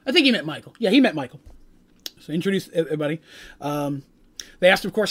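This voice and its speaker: Brief: high-pitched male game master, chatty and meandering. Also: very animated, fast talker, pauses often, fairly bright tone. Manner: rambling, many fillers and asides. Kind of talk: recapping a tabletop game.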